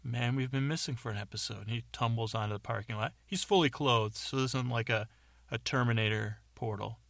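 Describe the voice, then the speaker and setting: A man's voice: medium pitch, a little fast, vocal fry, a bit bright, no echo. A man hosting a podcast, telling an improvised comic story in a rambling way that keeps wandering off on tangents.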